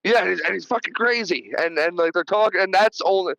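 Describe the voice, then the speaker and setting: A man's voice: sits high, fast talker, vocal fry, fairly bright tone, no echo, highs cut off. A man hosting a podcast, retelling film scenes in a rambling, profane, casual way over a remote call. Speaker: podcast host. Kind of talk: casual movie review chat.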